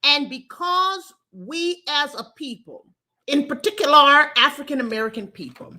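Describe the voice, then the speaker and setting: A woman's voice: high-pitched, expressive, moderate pace, sharp tone. A woman hosting a call-in livestream, talking emphatically in a folksy way and repeating words as she builds a point. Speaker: call-in show host. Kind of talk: casual livestream talk show.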